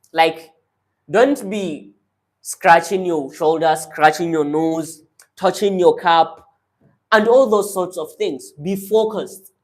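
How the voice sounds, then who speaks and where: A man teaching public speaking as a coach, giving direct, instructive tips in short commands. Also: a little high. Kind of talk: motivational speaking lesson.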